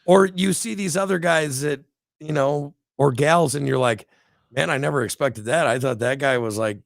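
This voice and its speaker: Rambling and preachy, this middle-aged co-host of a casual talk show acts out little quotes during motivational chat. He has a creaky voice on the high side at normal speed, recorded as clean studio sound with no room sound.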